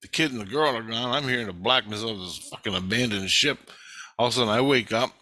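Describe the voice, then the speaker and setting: A man's voice: mid-range voice, fast, pushed and bright. Rambling, profane man telling a story. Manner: rambling, profane, with frequent restarts. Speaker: vlogger recounting an astral travel experience. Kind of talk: casual storytelling.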